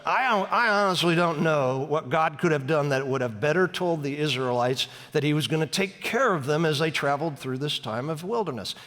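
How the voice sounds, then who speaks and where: Storytelling pastor with a reverberant sound. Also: male voice, a little high, fairly bright tone. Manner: conversational, storytelling with dramatic slowdowns. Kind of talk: sermon. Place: church sanctuary.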